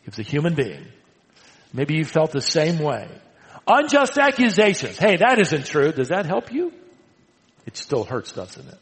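A man preaching a sermon, swinging from loud emphatic lines to hushed, quiet ones. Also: a little high, sing-song, unhurried, pauses often, long reverb tail, rough recording. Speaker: pastor.

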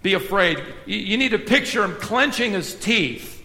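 A middle-aged male pastor preaching a sermon, expressive, drawing out key words slowly, with touches of humor. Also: high voice, creaky. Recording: echoey hall with long reverb.

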